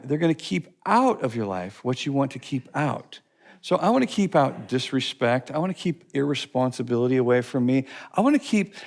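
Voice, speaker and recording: A man teaching a recorded class session, repeating phrases and telling lively stories. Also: on the high side, creaky. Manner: repeats phrases, lively storytelling with put-on voices. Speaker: curriculum teacher.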